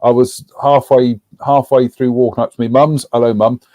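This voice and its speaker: A man's voice: mid-range voice, steady tone, moderate pace, mellow, no room sound. A man co-hosting a casual live stream, rambling along with frequent ums as he reads out viewers' names.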